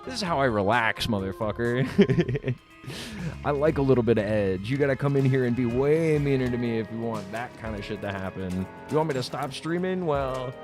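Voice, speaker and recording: A man's voice: medium pitch, lively intonation, a little fast, music in the background. A man livestreaming, reading out his chat and answering it in a combative, sarcastic way, swearing freely and laughing at his own jokes. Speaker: streamer.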